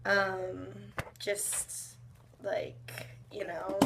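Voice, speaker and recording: A young woman in her twenties, a fitness vlogger, chats casually at home in the morning in a mid-range, steady voice, a little slowly. Her talk rambles and is full of fillers, her voice groggy from waking, with background noise present.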